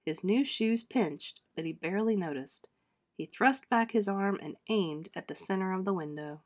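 A woman teacher reads a children's chapter book aloud to her class, her narration expressive and measured. She lifts her voice for the characters' dialogue and lets it fall soft and low between lines. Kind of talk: storybook read-aloud narration.

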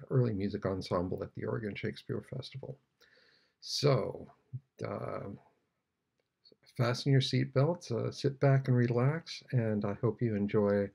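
An older man giving an unhurried, thoughtful music lesson, sometimes singing out rhythms. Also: lowish voice, gravelly, dark tone. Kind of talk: relaxed video lesson on music.

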